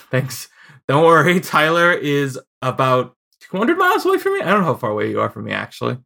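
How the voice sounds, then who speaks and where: Hoarse, bright-voiced joking man. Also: on the high side, very animated, fairly quick. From Chicago. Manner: joking, laughs often. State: hoarse from illness. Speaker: podcast co-host. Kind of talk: casual chat.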